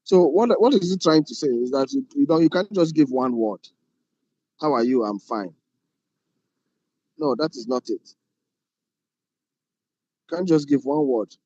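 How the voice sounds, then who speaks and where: A man's voice: a little high, expressive, normal speed, pauses often, dark tone, dry recording, dull audio. Man lecturing. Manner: repeats phrases, explains with rhetorical questions. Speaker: film directing instructor. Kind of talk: classroom lecture.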